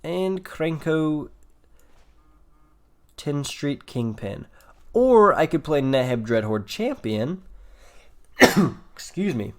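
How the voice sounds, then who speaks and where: A man's voice: a little high, sing-song, very slow, long pauses. A man giving casual commentary over his own card game, rambling and thinking aloud with fillers, yawning and a bit tired. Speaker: gameplay commentator.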